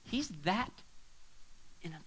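Impassioned male preacher, high lively voice. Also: takes it slowly, husky, low-quality recording. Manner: impassioned, swings from hushed to shouting. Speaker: pastor. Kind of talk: sermon. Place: church hall with a congregation.

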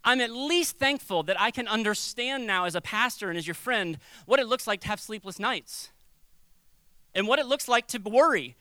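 Pastor guy preaching, high bright voice, chatty and animated. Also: moderate pace, clean tone, dry recording. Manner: animated, conversational, acts out quoted voices. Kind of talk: sermon.

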